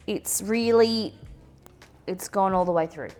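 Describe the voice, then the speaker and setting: Lively Australian woman chatting on stream. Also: lowish voice, moderate pace, soft background music. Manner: chatty, excitable, talks to chat. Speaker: livestream cooking host. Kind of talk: casual livestream chat.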